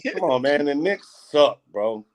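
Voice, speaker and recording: A man with a slightly raised voice who talks sports on a podcast in a halting, teasing way. He stops often to search for words, and lets out a quick laugh now and then. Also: a little high, expressive, over a noisy crowd. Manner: hesitant, many uh fillers, teasing. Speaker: podcast co-host. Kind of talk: casual sports banter. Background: kids playing in the room.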